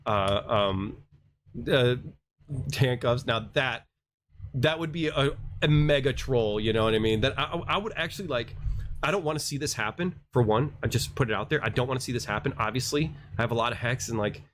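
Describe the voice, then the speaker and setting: A man's voice: mid-range voice, brisk, a little hiss or hum. A man hosting a crypto livestream, ranting casually in a rambling, slangy, self-mocking way.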